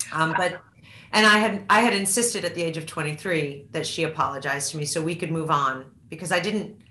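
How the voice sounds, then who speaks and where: A woman in her fifties, an author being interviewed in a candid onstage talk, reflective and halting, often restarting her sentences. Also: sits low, sharp tone, echoey room.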